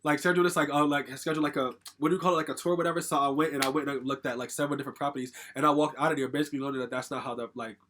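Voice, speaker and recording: A man's voice: fairly high pitch, steady tone, racing, few pauses, a bit bright, slight background noise. A young man from Connecticut telling a personal story in a casual, rambling way, full of "like" fillers and casual swearing. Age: young adult. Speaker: storytime vlogger.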